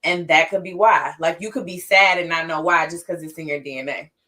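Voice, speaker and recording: Brief: female podcast co-host, lowish voice, explanatory, plays out quotes. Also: fairly even intonation, brisk, sharp tone. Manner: explanatory, acts out quoted people. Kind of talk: casual podcast conversation.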